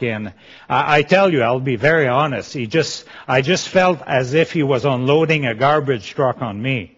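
A middle-aged man from Quebec with a Quebecois French accent, giving a personal Christian testimony in an earnest, halting way with many restarts. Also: mid-range voice, a bit bright. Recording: dull lo-fi sound.

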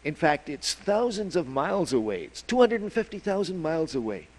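A man's voice: fairly high pitch, fairly quick, voice pushed up. A man doing a patient mother whippoorwill. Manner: calm, explaining.

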